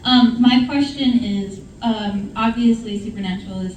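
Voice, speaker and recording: A woman's voice: mid-range voice, normal speed, a little mellow, slight background noise. A woman from Michigan asking a convention panel a question, hesitant and full of fillers. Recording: roomy hall audio from a distance.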